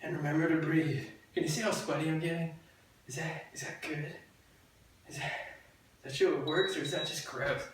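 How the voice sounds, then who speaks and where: A woman's voice: sits low, fairly even intonation, brisk, long pauses. A woman fitness instructor coaching a workout while she does it, upbeat, chatty and joking as she cues each move. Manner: upbeat, chatty and jokey, cueing moves as she does them. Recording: very echoey room, distant mic, audible noise.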